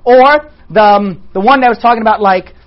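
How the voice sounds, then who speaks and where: A man's voice: sits high, moderate pace, dull audio. A man who is a priest, giving a conversational sermon in an informal way and often checking in with his listeners. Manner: talks in an informal way, checks in with the listeners using "okay" and "all right".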